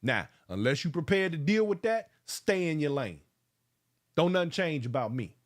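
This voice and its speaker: Fired-up guy on a livestream, kinda high voice, preachy, shouting folks out. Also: sing-song, moderate pace. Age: around 50. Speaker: livestream host. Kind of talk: casual livestream talk.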